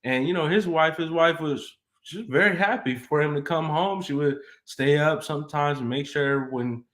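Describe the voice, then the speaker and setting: A man's voice: fairly high pitch, moderate pace. A man co-hosting a live relationship advice show, laying out a listener's situation in a loose, casual way with lots of fillers. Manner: relaxed, loose, filler-heavy phrasing. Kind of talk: casual live-stream chat.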